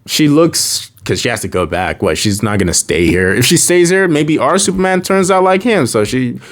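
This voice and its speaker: A man casually reviewing a show, rambling and joking, breaking into sudden high dramatic outbursts. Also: lively intonation, moderate pace. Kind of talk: casual video review commentary.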